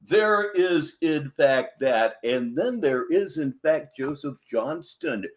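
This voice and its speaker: Wry, lively male stream host. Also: fairly high pitch, takes it slowly. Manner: wry, sarcastic, lively delivery. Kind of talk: livestream commentary.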